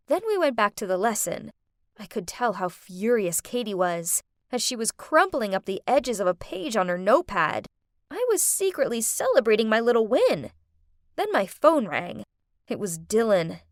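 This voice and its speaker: A young woman narrating an animated story in first person, in a chatty teen-girl manner. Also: no echo, clean studio sound. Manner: lively, chatty teen-girl storytelling with quick pitch jumps.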